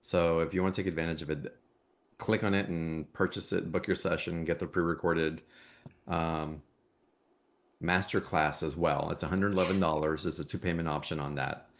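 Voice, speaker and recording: A man's voice: sits low, steady tone, normal speed. A man hosting a live spiritual call, affirming and encouraging, reading out offers and calling on callers. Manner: affirming, soft-spoken, encouraging. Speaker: host.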